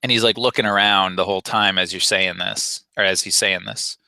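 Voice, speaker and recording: A man's voice: deep voice, fairly even intonation, fairly quick, vocal fry, pushed and bright, no echo, rough recording. A man narrating a tabletop game as game master, casual and full of fillers.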